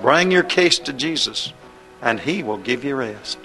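Impassioned preacher man, bright voice. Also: medium pitch, animated, measured pace, faint music behind. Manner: impassioned, rising and falling cadence. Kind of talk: sermon.

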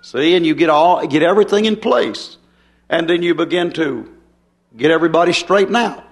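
A man's voice: fairly high pitch, moderate pace. A man preaching a sermon in a folksy, emphatic way, often turning to the congregation with rhetorical questions.

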